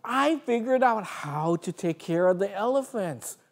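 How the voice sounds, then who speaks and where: A woman's voice: mid-range voice, expressive, measured pace, darkish tone. A woman voicing an earnest ten-year-old village boy in a children's story, sincere and pleading.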